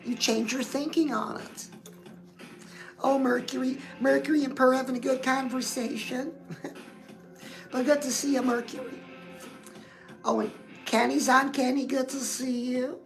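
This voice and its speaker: A woman's voice: high voice, steady tone, unhurried, creaky, pauses often, faint music behind, rough recording. A woman hosting a livestream pep talk, coaching listeners in a sassy, direct way and calling them "girl". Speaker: host.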